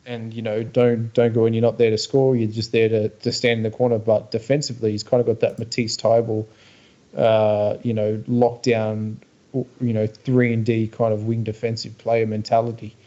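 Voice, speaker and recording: A man's voice: lowish voice, flat delivery, moderate pace, warm tone, muffled recording. An Australian man co-hosting a podcast, talking casually and bluntly about basketball, with dry opinions and many fillers. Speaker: podcast co-host. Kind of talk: casual sports chat.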